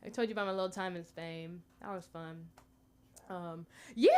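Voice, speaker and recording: A woman's voice: lowish voice, fairly quick, clean tone. A young American woman doing rambling stand-up at an open mic, chatty and full of fillers. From United States. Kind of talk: stand-up comedy.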